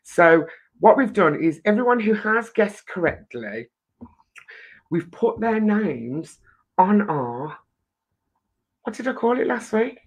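A chatty English woman hosts a relaxed live stream. Her talk runs loose and warm-hearted, full of asides and light swearing. Her pitch sits in a middle range. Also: slow pace, long pauses, slightly rough. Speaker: host. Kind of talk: casual live-stream chat.

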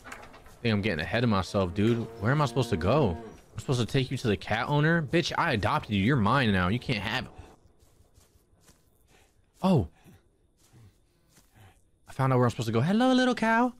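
A young man hosting a let's play, commenting crudely and jokingly, often jumping into silly high-pitched voices. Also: animated, fairly quick, pauses often. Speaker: gaming channel host.

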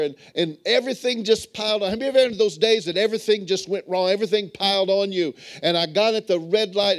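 High-voiced preaching bishop, story-driven. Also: male voice. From moved to Texas as an adult. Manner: storytelling, calls on the congregation to respond. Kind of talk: sermon. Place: church sanctuary.

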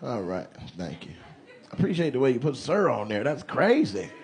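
Teasing comedian doing crowd work. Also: male voice, medium pitch, sing-song, moderate pace. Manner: teasing, playful banter with the audience. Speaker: stand-up comedian. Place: comedy club stage. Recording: live club with loud crowd. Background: audience laughter.

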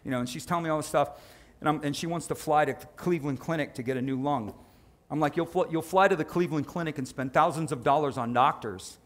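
Preaching a sermon, this male pastor speaks with a slightly high voice in a lively, conversational way. He drops in quick asides and his volume shifts suddenly.

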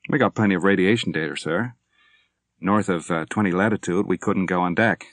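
A polite young naval officer, crisp and dutiful, as a male narrator voices him close to his own low voice. The audiobook sound is dry and close. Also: a little fast, fairly bright tone, dry recording.

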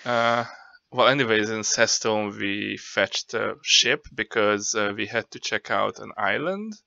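A man's voice: lowish voice, a little slow, vocal fry, bright, forceful tone, no echo, highs cut off. A man playing in a tabletop game who recaps past events in a rambling, casual way, full of fillers. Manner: rambling, loose, with many fillers. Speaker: player.

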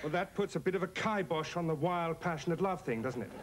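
A man's voice: a little high, fast, a loud crowd, heavy background noise, lightly acted. An actor playing a polite, unbothered married Englishman with an English accent in a 1990s sitcom. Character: smooth, caddish married Englishman.

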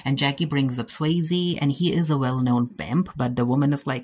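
A man's voice: medium pitch, fairly even intonation, normal speed, few pauses, darkish tone. A man with a mid-range voice recaps a TV episode in a loose, chatty way. He leans on "like" constantly and slips into the characters' lines as he tells the story. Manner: chatty, many "like"s, acts out quotes. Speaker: TV show reviewer.

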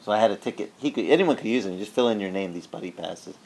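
A male pastor telling a story in a sermon, animated and conversational, acting out the people he quotes. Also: lowish voice, racing. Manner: conversational with frequent restarts.

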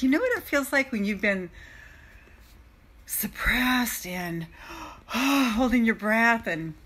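A woman working as an emotional freedom coach, speaking in an excited, laughing live-stream monologue. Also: on the high side, slow pace, long pauses, slightly rough. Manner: bubbly, laughing, breathless enthusiasm.

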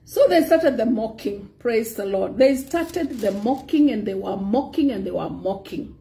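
A woman preaching a sermon, animated, slipping Swahili phrases in among frequent praises to God. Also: fairly high pitch, measured pace, gravelly.

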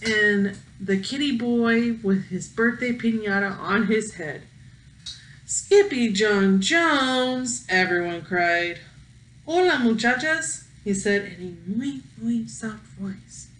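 A woman teacher reading a picture book aloud to her pupils, expressive and playful, breaking into song. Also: mid-range voice, slight background noise. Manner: slow, expressive, sings along with the story. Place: room at home. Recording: roomy echo, faint ambience.

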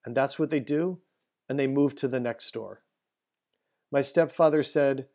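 A man, a rabbi, giving a solemn Holocaust history presentation, telling a family story and slowing down for emphasis. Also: medium pitch, a little mellow.

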